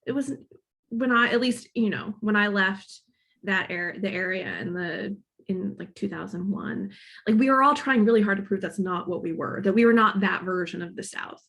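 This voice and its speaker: Woman, 30s, Midwestern accent with a slight Boston lilt, gravelly fry, mid pitch, reflective, thinking aloud, guest author. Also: normal speed, fairly bright tone. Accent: Midwestern with a slight Boston inflection. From Northern Kentucky. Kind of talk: casual conversational talk at a library author event.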